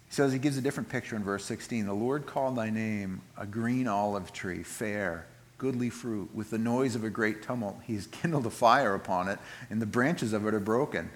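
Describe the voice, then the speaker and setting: A man preaching a sermon, animated, rising loud for emphasis and dropping quiet for scripture. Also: lowish voice, brisk, slight background noise. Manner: expressive, acts out voices in quotes, swings from loud emphasis to quiet reading.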